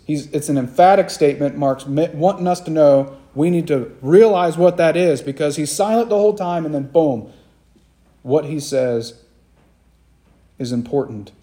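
A man's voice: a little high, mellow. A man preaching a sermon, earnest and repeating phrases for emphasis, asking his listeners questions directly.

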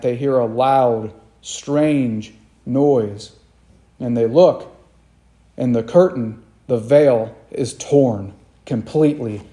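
A man's voice: a little high, dark tone. A man preaching a sermon, retelling a scene dramatically and repeating key phrases for emphasis.

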